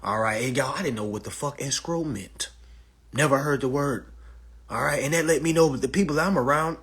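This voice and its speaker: A man's voice: mid-range voice, brisk, a bit bright, slightly rough. A man telling a long profane story to an online audience, emphatic and repetitive, often saying "all right" and "y'all". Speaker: storyteller addressing a live audience.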